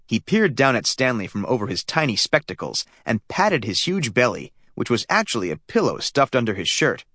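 Lively male audiobook narrator. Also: mid-range voice, moderate pace, hardly any pauses, no echo, studio quality. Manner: lively storytelling. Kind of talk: scripted narration.

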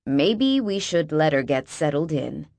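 A woman voicing a kindly, soft-spoken aging male millionaire. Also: low-pitched, sing-song, a little slow, vocal fry, no echo, pitched below the performer's own voice, exaggerated voice.

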